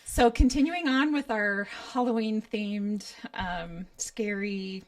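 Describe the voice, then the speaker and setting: A woman co-hosting a casual podcast, chatty and full of fillers and quick affirmations while welcoming guests. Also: mid-range voice, far from the mic. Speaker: podcast co-host. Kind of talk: casual chat.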